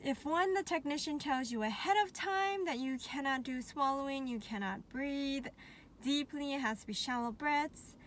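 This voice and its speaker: Chatty, high-voiced woman vlogger. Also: normal speed, a little hiss or hum. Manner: chatty and animated, laughs often, asks viewers questions. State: a little out of breath. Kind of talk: casual talk to camera.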